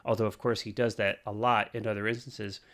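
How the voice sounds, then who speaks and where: Bright-voiced chatty man. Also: fairly low pitch, flat delivery, fairly quick. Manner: chatty, lots of fillers, laughs easily. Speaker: podcast co-host. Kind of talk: casual film podcast chat.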